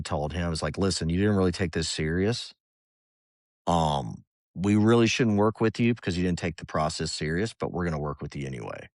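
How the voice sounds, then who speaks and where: A former soldier in middle age, speaking in a very deep, low register. He talks in a loose, rambling way, acting out the voices he heard. The sound is dry and close, with no room behind him. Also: no echo. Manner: relaxed, rambling, drops into quoted inner voices. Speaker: guest, former Army Ranger. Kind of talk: candid conversational storytelling.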